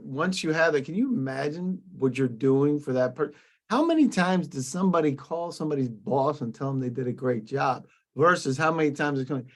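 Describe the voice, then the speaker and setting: A man hosting a webinar over a video call, upbeat and jokey, talking casually with plenty of restarts. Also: fairly high pitch. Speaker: webinar host.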